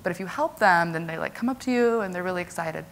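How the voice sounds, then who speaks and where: A woman's voice: lowish voice, expressive, fast talker, fairly bright tone. A young woman giving a casual conference presentation to a live audience, chatty and full of "like" and "um". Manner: chatty, lots of "like" and "um" fillers.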